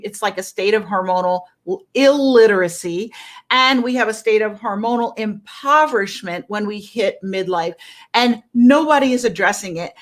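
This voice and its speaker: A middle-aged woman health coach with a somewhat high, slightly bright voice addresses viewers on a live stream. She is emphatic and persuasive, frequently finishing her points with "right?".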